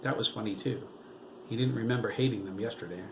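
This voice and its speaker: A man narrating a novel aloud in a steady storytelling voice. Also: fairly low pitch, quick pace, a little hiss or hum, poor audio. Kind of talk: audiobook reading.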